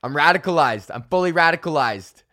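A man hosting a solo comedic podcast, ranting with plenty of swearing. His voice sits a bit high for a man, and he swings from loud bursts down to quick mutters. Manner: profane, excitable, swings between loud outbursts and mumbles. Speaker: podcast host.

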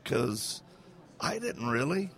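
A gravelly-voiced man hosting a casual interview. His voice sits in the middle range with plenty of fry. He talks in a loose, chatty way, with quick asides and reactions. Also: mid-range voice, very animated, fairly bright tone. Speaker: host.

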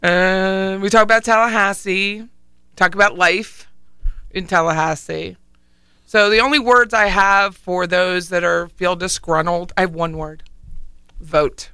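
A woman's voice: lowish voice, fairly even intonation, a little slow, pushed and bright, clean tone, no echo. A woman with a Philadelphia accent hosting a casual radio talk show, chatty and emphatic. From Philadelphia area. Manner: chatty, emphatic, repeats one word for punch. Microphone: studio microphone, also streamed live online.

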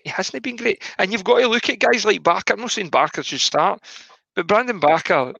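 A man, co-hosting a casual football podcast, animated and opinionated. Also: sits high, brisk, gravelly, slightly rough, dry recording, highs cut off. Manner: animated, opinionated, restarts often. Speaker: podcast co-host.

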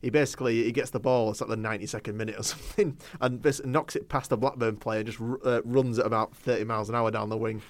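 A man's voice: mid-range voice, fairly even intonation, fast talker, few pauses, no room sound. A man co-hosting a casual football podcast, chatty and opinionated, laughing often. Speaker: podcast co-host.

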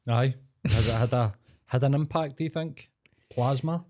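A man's voice: medium pitch, normal speed, darkish tone. A young Scottish man co-hosting a podcast, swearing freely and chatting in a laid-back way. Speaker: podcast co-host. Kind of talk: casual chat.

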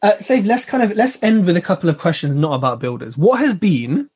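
A male podcast host talks in lively, slangy banter and laughs often. His voice is fairly high and husky, and his pitch swings widely. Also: fairly quick. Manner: animated, slangy, laughs a lot. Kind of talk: casual podcast chat.

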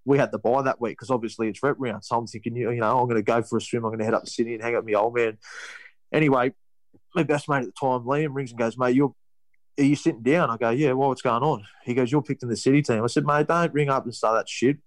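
A young Australian man tells a long story in a relaxed interview, and the words come quickly. He restarts and loops back over himself constantly. His voice sounds dry and close to the mic. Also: medium pitch, no echo, poor audio. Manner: rambling with many restarts and "you know". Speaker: guest, rugby league player.

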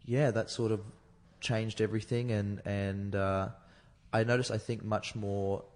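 Low-voiced Australian man, candid storyteller. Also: flat delivery, measured pace, a little mellow, long reverb tail. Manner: candid, rambling, swears freely. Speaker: comedian guest. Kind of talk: candid storytelling in casual chat.

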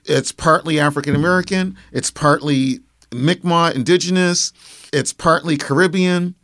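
A man with a Nova Scotian accent, a poet speaking in a radio studio interview who savors words and recites his verse slowly and dramatically. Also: a little high, a bit bright, no room sound. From Nova Scotia, Canada. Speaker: poet and guest. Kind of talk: interview answers and recited poetry. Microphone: studio microphone.

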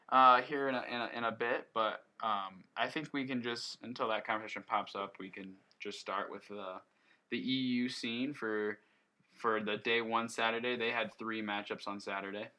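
Bright-voiced man hosting a podcast. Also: on the low side. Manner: relaxed, rambling, lots of fillers. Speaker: podcast host. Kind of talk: casual esports podcast chat.

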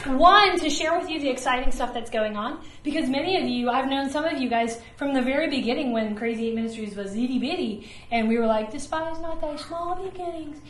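A high-voiced woman delivers a sermon in a casual, animated way, slipping into playful voices for the quotes she tells. She is heard from some distance in a very echoey space, with a faint hum of noise behind her. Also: fast talker, few pauses. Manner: animated, conversational, acts out quotes. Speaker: ministry leader preaching.

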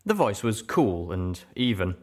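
A man reading a story aloud as narrator, his voice on the low side. His delivery is lively and expressive, rising and falling with the tale. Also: unhurried. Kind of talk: audiobook narration.

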